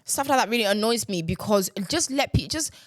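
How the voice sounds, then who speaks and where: A woman's voice: fairly high pitch, lively intonation, brisk, dry recording, studio quality. Exasperated woman ranting. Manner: exasperated, ranting, repeats herself. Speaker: podcast host. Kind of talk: casual ranting monologue.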